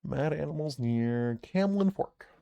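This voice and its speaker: Gravelly, lively-voiced man playing a solo tabletop game. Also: a little high, measured pace, dry recording, highs cut off. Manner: chatty, reads game text aloud and muses to himself. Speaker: solo game player and narrator. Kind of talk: narrating a solo tabletop game on a live stream.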